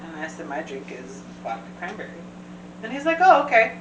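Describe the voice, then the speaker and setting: A woman's voice: mid-range voice, a little fast, noisy background. A woman hosting a casual chat, telling a story and acting out what others said. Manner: animated storyteller, acts out quotes. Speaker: host. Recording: echoey room, distant mic.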